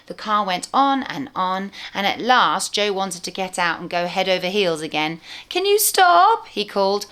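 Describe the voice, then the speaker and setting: A woman, a teacher, reading a storybook aloud to young children with clear, expressive storytelling. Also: mid-range voice, normal speed, few pauses.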